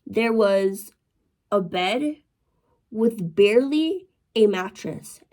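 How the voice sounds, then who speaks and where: A woman's voice: medium pitch, lively intonation, drawn-out words, a little mellow. Profane, dramatic young woman vlogger. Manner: profane, dramatic, addresses viewers as y'all. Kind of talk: casual storytime.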